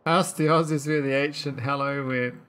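A man's voice: medium pitch, fairly even intonation, moderate pace, fairly bright tone. A man casually commentating his own gameplay, thinking aloud with lots of fillers and restarts. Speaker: gameplay streamer. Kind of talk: casual let's-play commentary.

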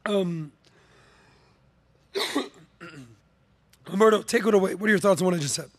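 Emphatic podcast host. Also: male voice, sits high, normal speed. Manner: emphatic, rhetorical questions, frequent ums. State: coughing, slightly choked up. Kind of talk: opinion monologue on a podcast.

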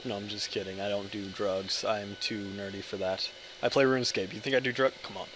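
A man's voice: lowish voice, steady tone, brisk, noisy background. American dude in his 20s rambling over gameplay, hyper, swears a lot, cuts himself off and keeps joking around. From United States. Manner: hyper, joking, profane, self-interrupting. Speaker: gaming video creator.

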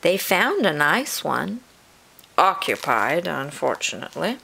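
A woman reading a picture book aloud to children in an expressive storytelling manner. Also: low voice, a little slow, gravelly, slight background noise. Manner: warm, expressive read-aloud delivery.

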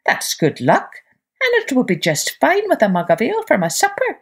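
A woman voicing a hearty, greedy miller who exclaims in a lower voice in a children's storybook. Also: huge pitch swings, normal speed, slightly rough, heavily acted.

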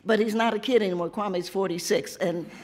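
Hoarse 70-year-old woman poet from Tennessee, reading and chatting, playful, quick to laugh. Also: medium pitch, a little mellow, slight background noise. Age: 70s. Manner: playful, laughs often, breaks off and restarts her sentences. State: hoarse, has lost her voice. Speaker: poet at an author visit. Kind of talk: poetry reading and chatty talk to an audience. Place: public library event before an audience.

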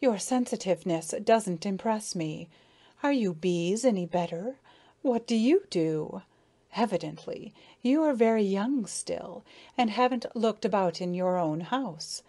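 A woman doing a slow, condescending dragonfly. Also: mid-range voice, expressive, warm tone. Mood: dismissive. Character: huge condescending predatory dragonfly.

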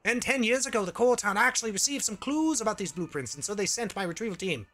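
A man's voice: sits high, lively intonation, quick pace, bright, forceful tone, voice pushed up. A man voicing an older male mentor who survived underground, reading the game's lines aloud in an easy, plain way. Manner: reads game dialogue aloud plainly.

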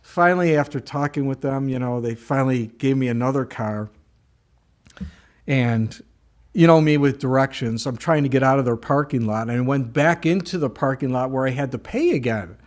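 A man pastor giving a sermon, moving from Bible teaching into a lively personal story. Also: medium pitch, moderate pace. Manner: storytelling, animated in anecdotes.

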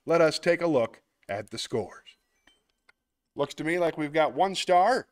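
The host, a man with a fairly high, expressive voice and measured pace, chats casually on his online show while playing a word game. He reasons aloud and pokes fun at himself, closing with heartfelt thanks to viewers.

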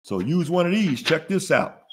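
A man with a fairly high voice hosts a money webinar on a video call. He talks in a folksy, preachy way and keeps asking his viewers questions. His pitch swings up and down a lot. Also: very animated, moderate pace, slightly rough. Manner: preachy, call-and-response, laughs at own jokes. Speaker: webinar host, business funding teacher. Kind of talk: casual motivational webinar teaching.

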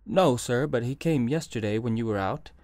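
A man's voice: medium pitch, moderate pace, a little mellow, dry recording, studio quality, natural voice. A man reading as a polite office clerk. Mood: deferential. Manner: polite, deferential. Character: deferential male office clerk. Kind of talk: audiobook character reading.

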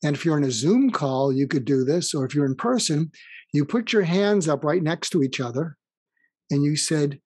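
A man with a voice a bit higher than most talks as a guest author in a close, dry recording. He explains his ideas through anecdotes and acts out bits of dialogue as he goes. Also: animated, moderate pace, a little mellow, slightly rough, dry recording. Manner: explains through stories, acting out quoted dialogue. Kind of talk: conversational advice interview.

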